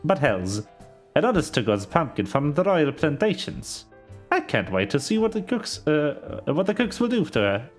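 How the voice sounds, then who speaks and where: Hearty tavern keeper, read by a man in a rough attempt at a Scottish accent, lively and stumbling. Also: fairly high pitch, moderate pace, soft background music. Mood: gruff. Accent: clumsy attempted Scottish accent.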